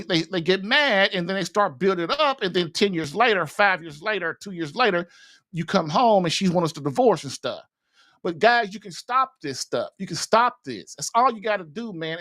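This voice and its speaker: A man's voice: sits high, sharp tone. A man hosting a marriage-advice show, talking in a blunt, folksy, rambling way. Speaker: podcast host, marriage advice. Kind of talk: casual advice monologue.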